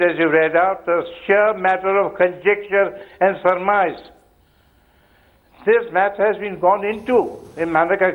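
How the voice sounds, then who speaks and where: Older man over a tinny phone line. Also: high-pitched. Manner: firm, legalistic. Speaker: legal expert guest. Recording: phone-line remote feed.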